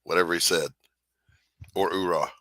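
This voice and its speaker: A middle-aged man hosting a casual drawing stream. His voice sits very low yet has a hard, bright edge. He talks bluntly, breaking into loud bursts of drill-style barking, and the sound is close and dry. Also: moderate pace, dry recording. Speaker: art streamer, host. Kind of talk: casual chat while drawing.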